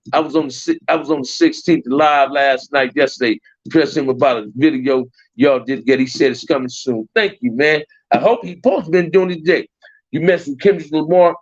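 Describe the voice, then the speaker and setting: A man's voice: medium pitch, brisk, no room sound. A middle-aged man from Compton, hosting a loose, slangy livestream chat and often repeating his phrases. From Compton, Los Angeles. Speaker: livestream host. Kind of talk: casual livestream chat with viewers. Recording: dull, dry lo-fi stream audio.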